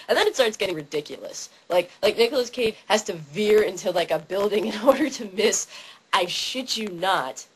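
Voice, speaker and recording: A young woman excitedly ranting about a favorite movie, yelling and acting out scenes in funny voices. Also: medium pitch, normal speed, noisy background. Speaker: vlogger.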